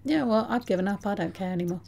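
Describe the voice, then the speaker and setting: A woman's voice: mid-range voice, racing, creaky, a little mellow. A woman giving casual, chatty commentary on her game, talking to her characters and laughing often. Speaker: let's play host.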